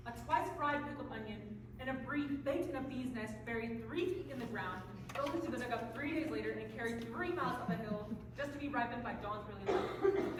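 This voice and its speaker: A woman's voice: fairly high pitch, noisy background, lightly acted. A woman playing a put-upon, self-pitying young Cinderella in a live stage comedy, theatrical and mock-cheerful. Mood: gracious. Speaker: stage actor. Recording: echoey live stage from far off.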